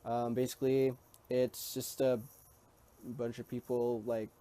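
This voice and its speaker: Rambling man with a mellow voice. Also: medium pitch, little pitch movement, unhurried, smooth. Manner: rambling and hesitant, with many ums and restarts; easygoing and chatty. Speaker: vlogger. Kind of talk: casual talk to camera.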